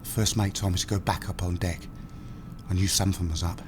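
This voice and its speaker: A man's voice: deep voice, level tone, brisk, very noisy, close to an everyday voice. An actor playing a dying old man who confesses a long-kept secret to his son in plain, blunt words. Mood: confessional. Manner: plain-spoken confessional storytelling. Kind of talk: audio drama storytelling. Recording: voice over music underscore. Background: music.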